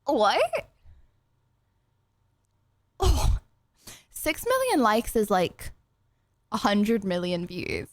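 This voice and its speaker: A woman's voice: on the high side, wildly swooping pitch, extremely slow, pauses often, no echo, clean studio sound. A young woman streaming live, chatting casually and rambling to her viewers while she eats. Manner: rambling, chatty, talks to chat.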